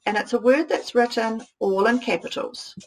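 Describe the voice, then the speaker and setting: A woman teacher, slowly sounding out words and thinking aloud as she models writing for young children. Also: fairly high pitch, low-quality recording. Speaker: primary school teacher.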